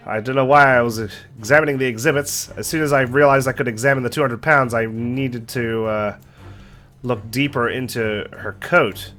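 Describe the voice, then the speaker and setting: A young man hosting a let's play, reading game dialogue aloud and reacting between lines in an animated, joking way. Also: mid-range voice, normal speed. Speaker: gaming channel host. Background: faint game music.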